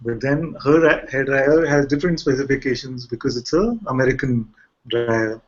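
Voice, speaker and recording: A spiritual teacher speaks to a gathering in a conversational talk, often posing rhetorical questions. His voice is mid-range and moderately paced, and the recording sounds muffled and lo-fi.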